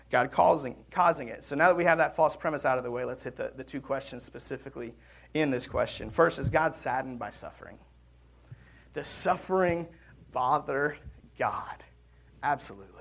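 Gravelly-voiced man preaching a sermon. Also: fairly high pitch. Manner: conversational, swinging between loud emphasis and quiet drops. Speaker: pastor.

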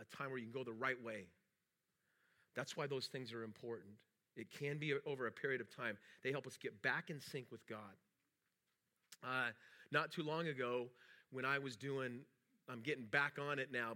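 A man's voice: medium pitch, bright, forceful tone. A middle-aged man, a pastor, preaching a sermon in a rambling storytelling way with many restarts. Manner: acts out quoted dialogue in a raised voice.

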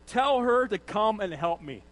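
A man's voice: high-pitched, expressive, a little slow. A man voicing an exasperated overworked woman. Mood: indignant. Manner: pleading, indignant.

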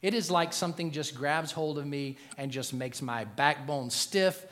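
With a voice on the high side and a moderate pace, a middle-aged pastor preaches to a congregation. He is joking and animated, alternating loud punchlines with quiet, earnest asides.

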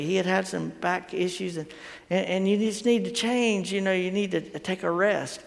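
A middle-aged pastor with a high-pitched, creaky voice preaches a folksy, conversational sermon at a normal speed, with fairly even intonation. He tells stories and repeats words as he thinks aloud, and a long hall reverb surrounds his voice.

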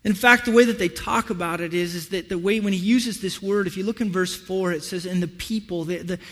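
A man preaching a sermon as pastor, telling stories in an animated way and acting out what people say. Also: high voice, a little fast, in a large hall. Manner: animated storytelling, acts out voices.

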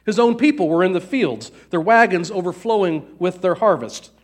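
A man narrating a fairy tale aloud in an even storytelling cadence. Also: sits high, moderate pace.

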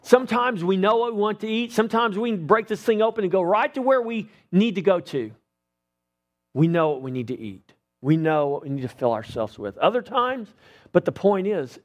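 A man's voice: high-pitched, expressive, moderate pace. A middle-aged man preaching a sermon as pastor, talking conversationally and asking the congregation rhetorical questions.

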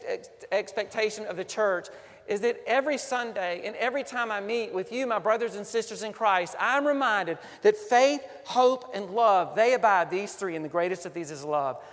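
A man preaching a sermon as pastor, earnest, building to emphatic peaks and then dropping soft. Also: high-pitched, long reverb tail.

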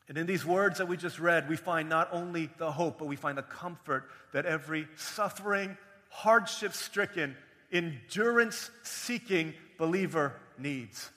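A young man preaches in a church sanctuary, his bright, forceful voice ringing with a long hall reverb. He moves from raised, emphatic appeals to hushed, low storytelling. His voice sits a touch high for a man. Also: measured pace. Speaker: pastor. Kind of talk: sermon.

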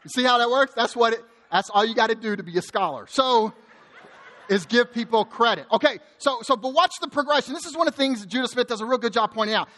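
A man pastor preaching a sermon in a church, lively and joking, often repeating words as he goes. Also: very high voice, quick pace, in a large hall. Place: church sanctuary.

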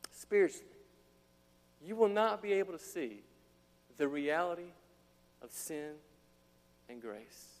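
A man preaching with a high, bright-pitched voice that rises to near shouts when he acts out the people in his story. He keeps dropping casual slang between the scripture lines. His voice rings with a long reverb, as in a big hall. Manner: animated preaching, acting out quotes, casual slang asides. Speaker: pastor. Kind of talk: sermon.

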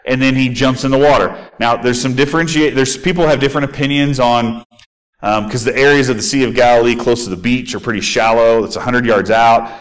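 A man's voice: mid-range voice, fairly even intonation, fairly quick, rough recording. A man giving a casual, conversational Bible teaching. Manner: conversational and informal.

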